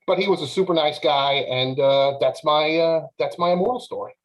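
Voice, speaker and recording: Casual guy on a podcast, fairly high voice, lots of uhs, animated. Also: normal speed, poor audio. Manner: animated, lots of filler words. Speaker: podcast panelist. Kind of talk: casual storytelling.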